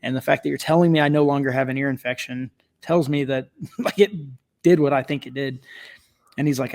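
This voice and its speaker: Middle-aged man telling a lively story. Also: medium pitch, a little fast. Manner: animated, laughing storyteller with many fillers. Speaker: podcast guest. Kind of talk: casual storytelling.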